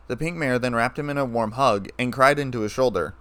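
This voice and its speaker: A man narrating a fan fiction story in a steady, plain way. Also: mid-range voice, brisk, few pauses, no room sound.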